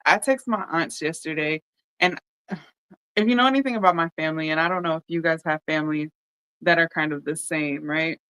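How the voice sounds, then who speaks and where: In a casual, heartfelt solo podcast monologue, the host speaks candidly and straight to listeners, often checking in with "right?" and pausing with frequent ums. The mid-range voice is smooth and resonant yet sharp in tone. The close, dry recording has no room sound and is low in quality.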